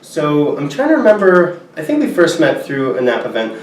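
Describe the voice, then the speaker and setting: A man's voice: fairly high pitch, wildly swooping pitch, normal speed, distant mic. Male host asking questions in a roomy space. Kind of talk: interview. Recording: roomy, from the mic.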